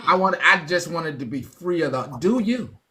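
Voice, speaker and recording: A man's voice: animated, normal speed, a little hiss or hum. Emphatic man chatting on a livestream. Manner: emphatic, repeats himself, drops low and soft when reflective. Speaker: livestream host. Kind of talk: casual live-stream chat.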